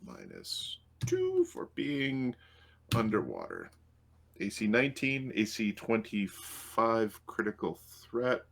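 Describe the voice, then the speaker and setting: A man's voice: lowish voice, wildly swooping pitch, slow, vocal fry, a little hiss or hum. A man running a tabletop game as game master, talking through rules and rolls with frequent ums. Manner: hesitant, full of ums, working through rules aloud.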